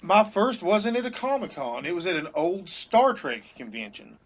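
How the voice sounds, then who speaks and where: A man with a notably high voice tells a convention memory in a matter-of-fact way. The sound is dull and lo-fi. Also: very animated, moderate pace. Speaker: podcast guest. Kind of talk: casual storytelling chat.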